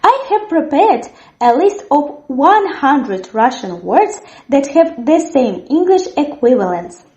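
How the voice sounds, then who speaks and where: A woman teaching a language lesson, sounding out words slowly and cheerfully so viewers can repeat after her. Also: sits high, big pitch swings, darkish tone. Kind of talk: slow, clear language lesson. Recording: echoey room, dull lo-fi sound.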